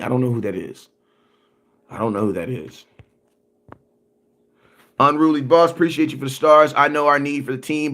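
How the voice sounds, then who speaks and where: A sports livestream host with a medium-pitched, slightly bright voice rants emphatically at his audience, replying to comments. His talk is slangy and repetitive, regularly punctuated by "you know what I'm saying."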